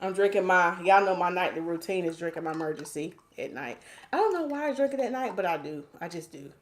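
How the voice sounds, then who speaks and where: A woman's voice: fairly low pitch, lively intonation, fast. A woman from North Carolina, hosting a live stream and reading viewer comments aloud in a chatty, playful way.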